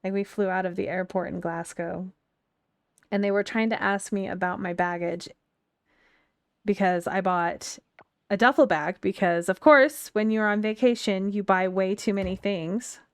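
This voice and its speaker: A woman's voice: mid-range voice, fairly even intonation, normal speed, smooth, dry recording. A woman from the United States with a Western twang, chatting and rambling through stories while she streams a game. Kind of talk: casual chat while playing a game. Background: faint game music.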